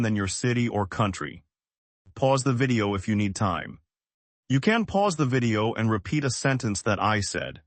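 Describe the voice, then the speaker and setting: A man teaching English in a scripted lesson, speaking short, simple sentences slowly and clearly for learners to repeat. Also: mid-range voice, a bit bright, no echo. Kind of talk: slow scripted language lesson.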